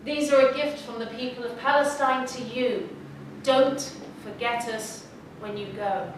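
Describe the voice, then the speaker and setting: A woman voicing a friendly, eager young man who welcomes a stranger warmly. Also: on the high side, fairly even intonation, measured pace, a little hiss or hum, lightly acted. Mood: welcoming. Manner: warm, welcoming. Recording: echoey hall, mic from far off.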